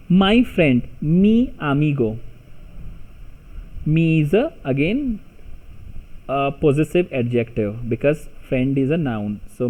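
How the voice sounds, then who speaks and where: Slow mellow-voiced man teaching grammar. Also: a little high, low-quality recording. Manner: patient, repeats example sentences in three languages. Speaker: language teacher. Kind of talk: slow explanatory tutorial.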